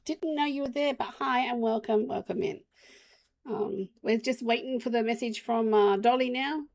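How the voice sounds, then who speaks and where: Australian woman, game streamer, creaky gravelly voice, loose rambling chat to her viewers. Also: a little high, moderate pace, darkish tone. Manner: rambling, chatty, talks to chat while playing. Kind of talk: casual live-stream chat.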